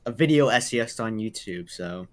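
A man's voice: fairly low pitch, lively intonation, normal speed. A young man hosting a call and reading super chats, laid-back and wry. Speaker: host, video essayist. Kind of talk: casual chat.

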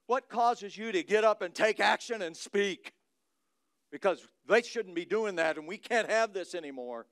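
A male pastor with a Midwestern American accent preaching a sermon, reading scripture dramatically and swinging from loud to hushed. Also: sits high, expressive, normal speed, no echo.

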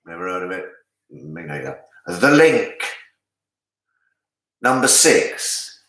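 An Englishman runs a charity pub quiz in a bright, easygoing voice. He jokes between the questions and draws out each answer. The sound is roomy and echoey. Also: sits low, very animated. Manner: jokey, chatty, reads answers slowly. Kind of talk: casual charity quiz hosting. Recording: echoey room.

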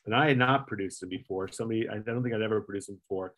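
A man's voice: lowish voice, rapid-fire, a bit bright. A middle-aged man, a former late-night segment producer, casually telling a long anecdote with lots of fillers and acted-out quotes. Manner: rambling anecdotal storyteller, many fillers, swearing, acts out quotes. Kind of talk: casual storytelling interview.

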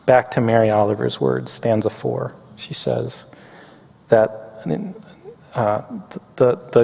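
A man preaching a chapel sermon, reading poetry slowly and reflectively, getting a little weepy. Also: medium pitch, gravelly, darkish tone. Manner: reflective, reads poetry slowly, tearful at times. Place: campus chapel. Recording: long hall reverb.

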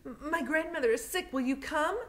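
A woman's voice: sits high, a little fast, fairly bright tone, pitched above the performer's own voice. A woman voicing an anxious young girl who stammers urgently as she pleads for help, in a storybook reading. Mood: pleading.

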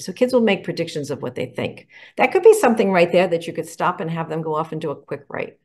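Middle-aged woman educator, enthusiastic instructional delivery, slightly low pitch. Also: lively intonation, brisk, few pauses, darkish tone. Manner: enthusiastic, explanatory, poses questions. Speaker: educator presenting picture books. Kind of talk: instructional talk to teachers.

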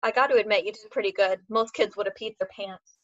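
A curt, bossy teen boy putting on a fake husky grown-up voice, as a woman reading aloud plays him. He gives short orders in a muffled, lo-fi recording. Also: medium pitch, fairly even intonation, a little fast, a bit bright, lightly acted. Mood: wry. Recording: dull lo-fi recording.

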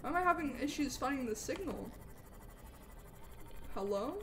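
A woman streaming a game live, excitable and chatting with viewers, with hiccups. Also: sits high, normal speed, a little hiss or hum. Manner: excitable, talks to chat, frequent outbursts. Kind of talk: live gameplay commentary.

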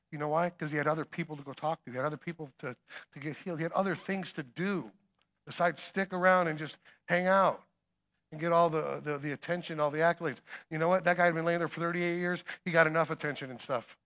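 A middle-aged man preaching a sermon, swinging between emphatic calls and quiet storytelling. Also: on the high side. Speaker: guest preacher.

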